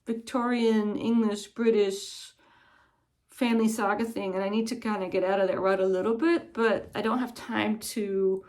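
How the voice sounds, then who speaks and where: A woman's voice: mid-range voice, steady tone, moderate pace, darkish tone. A woman chatting casually as a book vlogger, in a thoughtful, digressive way. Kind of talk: casual chat.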